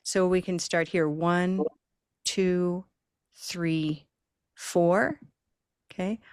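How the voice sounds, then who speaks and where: A woman leads a live pronunciation lesson over a video call. Her voice sits a bit low, and she talks slowly, drilling words in steady counted beats. The recording is dry and close-miked. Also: clean tone, dry recording. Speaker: pronunciation teacher and host.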